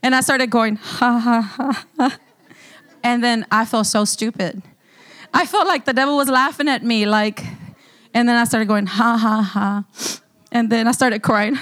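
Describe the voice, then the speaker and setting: High-voiced woman pastor, animated. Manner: animated storytelling, breaks into laughter often. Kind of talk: sermon testimony. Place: church service.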